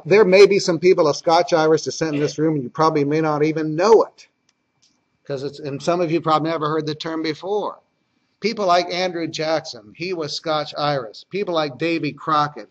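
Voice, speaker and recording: A man lectures a class on history in an easy, conversational way, restarting sentences and repeating points for emphasis. His voice sits a little high for a man. The classroom recording sounds dull and lo-fi.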